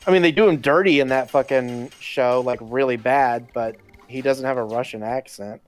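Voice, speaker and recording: A man's voice: medium pitch, normal speed. A man chatting casually on a gaming stream, ranting with plenty of swearing. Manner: profane, ranting.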